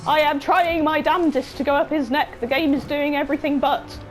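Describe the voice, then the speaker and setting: A young woman, commentating on a game she is playing, excitable and swearing often, with a sore throat. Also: sits high, a little fast, soft background music, poor audio. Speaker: game streamer. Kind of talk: let's-play commentary.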